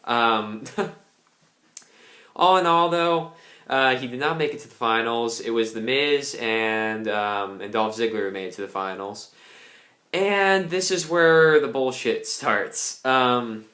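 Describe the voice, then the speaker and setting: A man's voice: medium pitch, measured pace, pushed and bright. A young man giving a casual, angry ranting review, swearing a lot. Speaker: wrestling reviewer. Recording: roomy echo.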